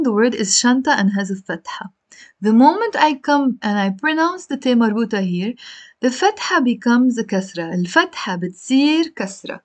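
A woman with a Lebanese accent teaching a live Arabic lesson, explaining patiently in English and Arabic and putting questions to her viewers. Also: fairly high pitch. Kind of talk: live-streamed language lesson.

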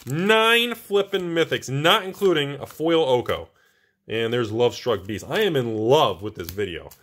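A male host giving casual, excitable, joking commentary while opening card packs. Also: mid-range voice, measured pace. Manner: excitable, exclaiming, jokey.

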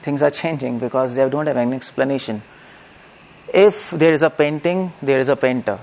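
A man's voice: mid-range voice, moderate pace, darkish tone. A middle-aged man, giving a lecture-style religious discourse and asking his audience rhetorical questions. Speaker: preacher.

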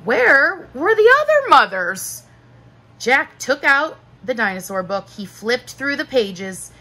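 A woman teacher narrating a children's book aloud in a slow, expressive storytelling manner. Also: sits high, low-quality recording.

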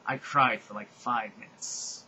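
A man giving a comedic dramatic reading of a fan fiction, mock-serious with sarcastic deadpan asides. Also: medium pitch, a little slow, lo-fi sound, a little hiss or hum.

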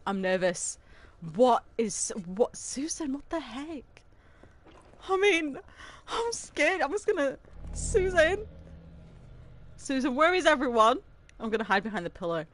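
A young adult woman streaming a video game in casual chat, excitable and dramatic, often gasping and laughing. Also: sits high, a little slow, pauses often.

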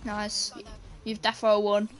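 A young British woman streaming a team game and chatting with her teammates, with sudden shouts and playful swearing. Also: mid-range voice, completely flat delivery, slow, a little hiss or hum. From Britain. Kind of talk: live gameplay chat.

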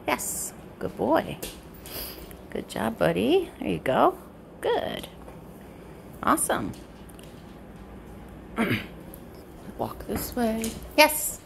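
A woman dog trainer explaining a training session in casual narration at home, switching between high bright praise for her dog and low quiet explanation. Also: wildly swooping pitch, very slow, gravelly, pauses often, slight background noise. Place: indoors at home with pets.

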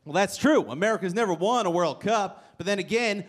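A man's voice: sits high, brisk. A man doing a stand-up set on a comedy club stage, brash and teasing the crowd with punchlines. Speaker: stand-up comic. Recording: live club recording with crowd noise. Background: audience noise and laughter.

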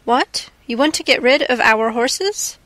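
An exasperated opera manager bursts out in a raised, strained pitch, as a woman narrator puts him on. He sounds dry and close in this audiobook reading. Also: expressive, unhurried, a bit bright, dry recording. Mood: puzzled. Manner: explosive, exasperated. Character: irritable blustering male opera manager.

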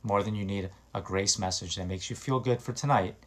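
Low-voiced man preaching with earnest urgency. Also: fairly quick, a bit bright. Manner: earnest and exhorting, rising to emphatic bursts. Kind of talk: informal sermon.

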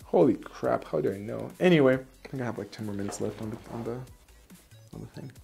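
A man's voice: medium pitch, fast talker, vocal fry, a little mellow. A man, an Aikido instructor, tells a personal story in a casual, candid way. He swears now and then and often restarts his sentences. Faint music plays underneath.

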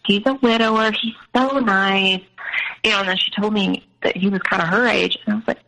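A young woman tells a painful personal story in a candid, shaken way. Her voice is bright and forward, with a gravelly fry in it. She quotes others in her own voice rather than acting them out. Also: medium pitch, a little fast, poor audio. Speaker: guest telling her story.

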